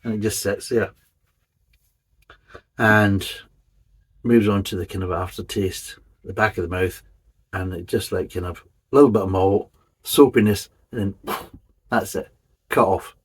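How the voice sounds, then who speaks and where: A man's voice: fairly low pitch, unhurried, long pauses, slightly rough, poor audio. A man giving a casual, methodical beer review, describing each flavour in detail. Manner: methodical, detailed tasting commentary.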